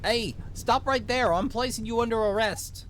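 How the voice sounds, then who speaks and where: A man voicing an exasperated small-town male police chief with a put-on Minnesotan accent, barking hurried orders. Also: extremely high pitch, a bit bright, slight background noise, pitched above the performer's own voice. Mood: alarmed. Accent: put-on vaguely Minnesotan.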